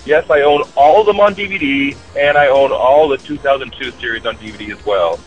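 A man's voice: mid-range voice, fairly quick, highs cut off, faint music behind. A man leaving a recorded listener message for a podcast, talking in a chatty, rambling way.

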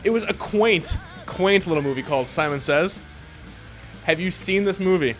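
Man, high-pitched, excitable, profane, rambling, casual chat, faint music behind. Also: moderate pace.

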